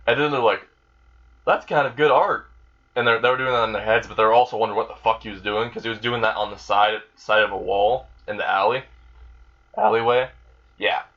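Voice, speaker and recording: A man's voice: medium pitch, fairly bright tone, lo-fi sound. A young man casually retelling an improvised fan story, rambling with lots of fillers, restarts and swearing.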